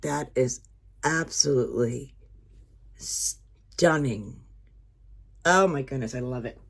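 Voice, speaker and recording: A woman vlogger chatting casually as she unboxes items at home, excitable, gasping and dropping to whispers with delight. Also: very deep voice, slow pace, gravelly.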